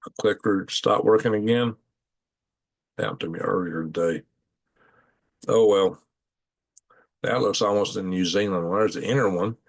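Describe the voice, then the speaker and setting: A man's voice: lowish voice, unhurried, vocal fry, long pauses. A man hosting a casual live stream, rambling in a folksy way and thinking aloud as he clicks through maps at home at night. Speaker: channel host.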